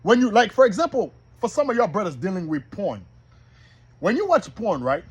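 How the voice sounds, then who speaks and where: A man teaching from the Bible like a preacher, reading verses slowly and asking the listeners if they are following him. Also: high voice, big pitch swings, husky. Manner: reads verses slowly and repeats them. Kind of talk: street-style bible teaching.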